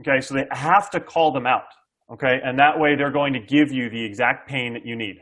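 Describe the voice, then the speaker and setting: A middle-aged man explains sales tactics energetically to an interviewer, where he's a guest SaaS sales coach. He acts out buyer dialogue and keeps checking in with "okay?". His medium-pitched voice is brisk and fairly bright, with fairly even intonation.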